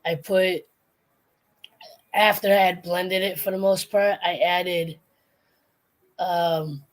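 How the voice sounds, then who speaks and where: A woman's voice: on the low side, darkish tone. A woman hosting a casual late-night livestream, chatting in a rambling way with many restarts. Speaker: livestream host.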